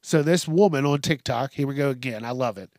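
A man's voice: medium pitch, a little fast, darkish tone, dry recording, studio quality. A man hosting a podcast, ranting with heated, sweary sarcasm. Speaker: podcast host. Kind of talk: profane comedic rant.

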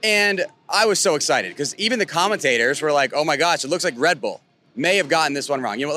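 A young man excitedly recapping a race as a vlog host, filmed outdoors at a racetrack. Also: a little high, fast talker. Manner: excitable, animated fan talk.

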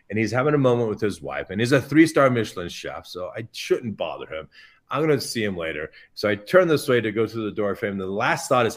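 Animated man telling a funny story. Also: lowish voice. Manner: animated, self-mocking anecdotes with quick asides. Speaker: chef guest. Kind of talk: storytelling in a podcast interview.

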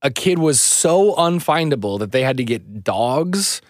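A man on a podcast co-hosting, asking incredulous, animated questions in casual banter. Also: medium pitch, unhurried, no room sound, studio quality. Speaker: podcast co-host.

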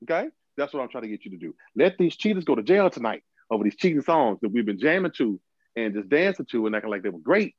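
A man's voice: mid-range voice, big pitch swings, fast talker, dry recording, muffled recording. A man co-hosting a podcast, emphatic and repeating himself to press his point in casual chat. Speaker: podcast co-host.

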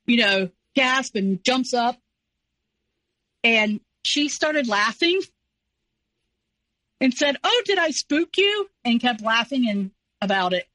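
A woman in her forties, an interview guest telling a personal story in a casual, animated way. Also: fairly high pitch, no echo, poor audio. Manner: animated, acts out quoted voices.

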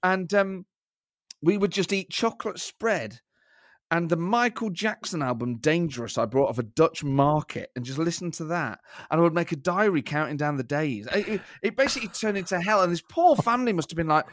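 A man's voice: a little high, brisk, no room sound, clean studio sound. A man from Nottingham, England, co-hosting a podcast in a casual chat and telling a self-mocking story. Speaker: podcast co-host.

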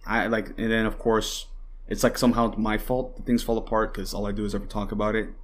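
A man's voice: on the low side, level tone, fast talker. A young man hosting a podcast, ranting with heavy swearing and constant fillers, at times mocking his opponents. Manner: heated and rambling, swears often, many fillers; mocks opponents in put-on voices. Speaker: podcast host. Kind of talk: casual political commentary.

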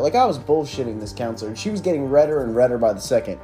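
A man's voice: medium pitch, lively intonation, racing, mellow, faint music behind. A young man hosting a podcast, telling a school story in a casual, sarcastic, profane way with lots of filler words. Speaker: podcast host.

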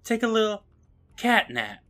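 A man doing a smarmy, coaxing film director, pitched well up above the narrator's usual voice and swinging widely in pitch. The voice is bright and wheedling, buttering someone up. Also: big pitch swings, measured pace, full character voice.

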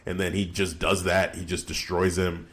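Young guy on a podcast, kinda low voice, gets loud and shocked a lot. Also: moderate pace. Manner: animated, exclaims in disbelief. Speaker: podcast co-host. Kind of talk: casual wrestling podcast chat.

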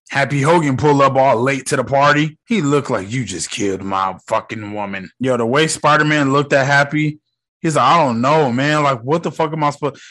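A young man giving casual movie reaction commentary, animated and profane, with loud exclamations. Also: a little high.

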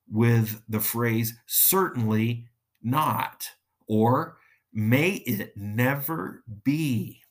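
A man preaching a sermon, teaching slowly and deliberately while addressing his listeners directly. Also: medium pitch, breathy edge.

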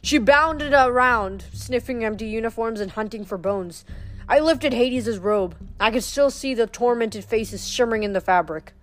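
A woman's voice: a little high, normal speed, fairly bright tone. A woman reading a novel aloud chapter by chapter, often tripping over words and restarting them. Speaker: reader.

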